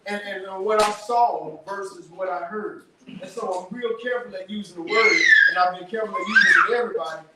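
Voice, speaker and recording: Man, workshop speaker, lively casual storyteller; distant mic, strong room echo, noisy background. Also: high voice, a little fast. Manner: animated storytelling with casual vernacular. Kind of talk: testimony talk to an audience.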